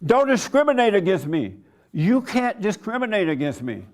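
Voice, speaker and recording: A man voicing a loud, insistent woman customer who refuses to wear a mask. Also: low-pitched, big pitch swings, measured pace, heavily acted. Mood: defiant. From Iran.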